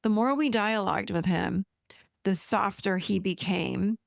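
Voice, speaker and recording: A woman's voice: mid-range voice, a little slow, gravelly, no room sound, studio quality. A woman podcast host and therapist telling a client story in a casual, chatty way, often addressing listeners directly.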